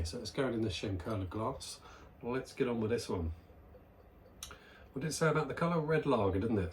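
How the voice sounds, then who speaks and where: A man's voice: medium pitch, slight background noise. A man hosting his own beer review vlog, chatting casually and enthusiastically as he smells and tastes a beer. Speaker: beer reviewer, channel host. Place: at home, near a barbecue area.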